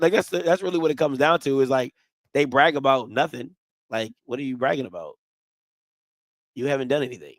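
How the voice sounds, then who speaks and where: A man's voice: a little high, no echo. A man hosting a casual sports talk show, trash-talking rival fans with lots of repetition and rhetorical questions. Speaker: podcast host.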